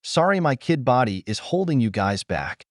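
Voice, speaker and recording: A man's voice: medium pitch, very animated, moderate pace, dry recording, studio quality, natural voice. A man reading the part of a young boy ninja with a sarcastic, eager way of talking, in an audiobook.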